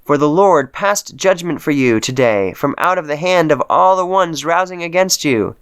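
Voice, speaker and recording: A man's voice: fairly high pitch, expressive, moderate pace, fairly bright tone, clean tone, dry recording, voice pushed up. A man reading aloud, voicing a dutiful male messenger addressing a king formally and deferentially.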